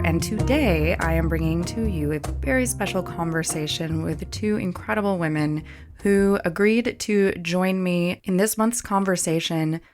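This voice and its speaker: A woman opens her podcast with a prepared introduction of her guests. Her voice sits on the low side, and she reads in an earnest, steady way. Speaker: podcast host.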